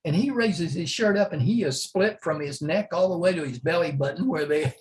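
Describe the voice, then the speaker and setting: A man's voice: fairly high pitch, a little fast, a little hiss or hum. An older man from Oklahoma telling rambling, chuckling stories as an interview guest. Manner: rambling anecdotes, chuckling often. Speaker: interview guest, retired drag racer. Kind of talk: casual storytelling.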